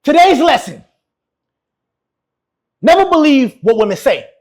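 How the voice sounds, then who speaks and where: A man's voice: very high-pitched, big pitch swings, measured pace, darkish tone. A man giving brash, mocking reaction commentary. He laughs often and keeps repeating his insults. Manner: laughs often while talking. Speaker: YouTube relationship commentator.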